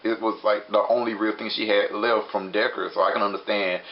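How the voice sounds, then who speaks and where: A man's voice: lowish voice, steady tone, fairly quick. A young man casually recapping a TV episode in a rambling, chatty way full of filler words. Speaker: show reviewer. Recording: dull lo-fi recording with faint hiss.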